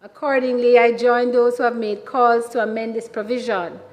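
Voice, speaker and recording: Jamaican woman senator, measured and emphatic. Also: a little high, level tone. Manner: measured and emphatic, repeatedly addressing the chair. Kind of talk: formal parliamentary speech. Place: senate chamber. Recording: reverberant chamber sound.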